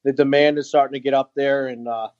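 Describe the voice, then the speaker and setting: A man telling a heartfelt story as a podcast guest, earnest and halting with many fillers. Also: mid-range voice, little pitch movement, a little mellow, no room sound, lo-fi sound. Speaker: guest, veteran nonprofit founder.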